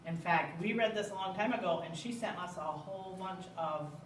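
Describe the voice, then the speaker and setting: A woman hosting a library storytime, reading picture books aloud in a playful, animated way. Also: lowish voice, fairly quick, a little hiss or hum. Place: library room. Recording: echoey room, mic far off.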